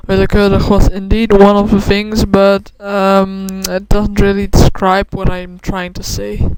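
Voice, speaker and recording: A woman casually explaining Dutch words in a vlog, pausing often with ums and restarts. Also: mid-range voice. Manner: hesitant, many ums and restarts. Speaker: vlogger. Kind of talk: casual talk to camera about Dutch words. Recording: loud background noise.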